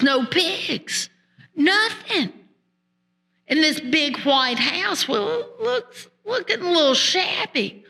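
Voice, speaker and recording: A woman's voice: high voice, bright, forceful tone. A woman storyteller telling a folk tale in a folksy, conversational way with rural turns of speech.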